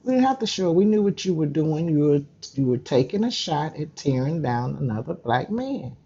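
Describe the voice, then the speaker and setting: A woman's voice: low-pitched, big pitch swings, moderate pace, mellow, husky. A woman ranting straight at her target in a vlog, indignant and direct, recorded with dull lo-fi sound. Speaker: YouTuber.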